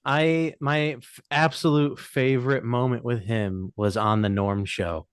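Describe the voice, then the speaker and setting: A man's voice: mid-range voice, fairly even intonation, a little slow, clean tone, dry recording, studio quality. A man co-hosting a podcast, telling an enthusiastic story and laughing as he talks. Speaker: podcast co-host. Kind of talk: casual chat.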